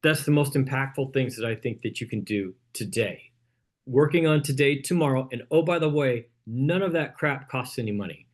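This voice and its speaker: A man runs a real estate team training, coaching in a punchy style and tacking on "okay?" after his points. His voice is medium-pitched at normal speed.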